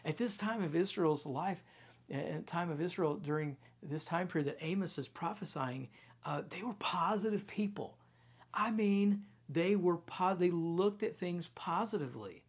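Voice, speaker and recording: Husky-voiced man preaching conversationally. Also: high-pitched, normal speed. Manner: conversational preaching, storytelling, quiet intense stretches. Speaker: pastor. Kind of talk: sermon.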